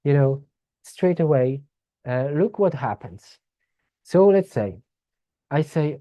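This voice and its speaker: A speaker giving a slow, reflective webinar talk over a video call, searching for words and laughing softly now and then. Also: mid-range voice, animated, lo-fi sound.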